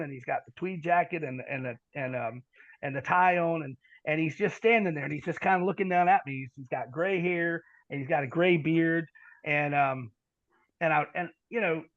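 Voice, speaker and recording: A middle-aged man telling a long personal story on a podcast, halting and repeating words, then dropping into quiet asides. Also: a little high, no room sound, lo-fi sound. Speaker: podcast guest. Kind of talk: storytelling in conversation.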